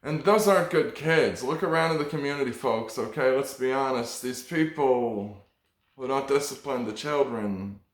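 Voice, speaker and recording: Profane rambling comedy host. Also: male voice, mid-range voice, normal speed, echoey room. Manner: profane, rambling, mock-preachy.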